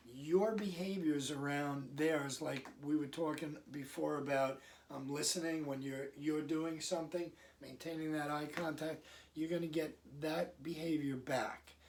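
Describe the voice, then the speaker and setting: A man speaking as a parenting coach in a casual, conversational way, now and then acting out parents and kids in quick asides. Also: on the high side, recorded from a distance. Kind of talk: casual advice talk to camera.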